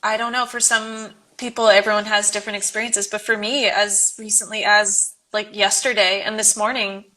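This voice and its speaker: A woman's voice: mid-range voice, level tone, moderate pace, few pauses, pushed and bright. A woman hosting a conversation about relationships, speaking earnestly and affirming the guest often. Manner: earnest, affirming, frequent agreement. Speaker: host. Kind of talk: casual conversation.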